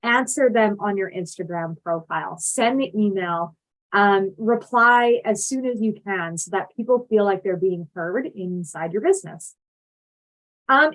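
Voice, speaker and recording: A woman's voice: fairly high pitch, rough recording. A young adult woman giving a casual, friendly presentation over a video call, speaking with plenty of ums and easy fillers. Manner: friendly, upbeat, lots of fillers. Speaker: speaker presenting to an online summit. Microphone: video call mic.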